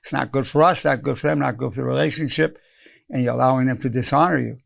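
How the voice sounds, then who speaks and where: Gravelly older man teaching. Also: medium pitch, steady tone, fast talker. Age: 80s. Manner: earnest, repeats lines for emphasis, acts out quoted phrases. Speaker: psychologist teaching a lesson. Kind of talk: spoken self-help lesson.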